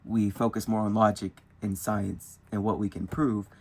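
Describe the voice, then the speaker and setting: A man's voice: fairly low pitch, little pitch movement, moderate pace, gravelly, darkish tone. A young man thinking aloud in a rambling, casual vlog about spirituality while drawing with colored pencils. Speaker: spiritual vlogger. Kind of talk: casual musing monologue.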